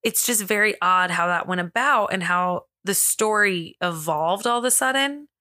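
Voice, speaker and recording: A woman co-hosts a casual podcast, reading from her notes in a bright, forward voice. She giggles easily and teases herself when she trips over words. The sound is dry and close. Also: medium pitch, moderate pace, dry recording. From America. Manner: giggly, self-deprecating, stumbles over reading. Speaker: podcast co-host.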